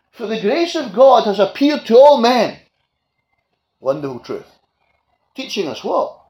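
Passionate male preacher, fairly high voice, big swings from loud declarations to quiet asides. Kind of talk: sermon. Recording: echoey room with faint ambient noise.

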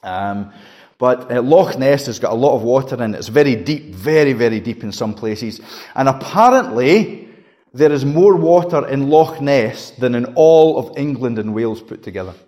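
A man's voice: medium pitch, lively intonation, moderate pace. Man preaching a dramatic sermon. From Scotland. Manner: dramatic emphasis, rising to a shout and dropping to a hush.

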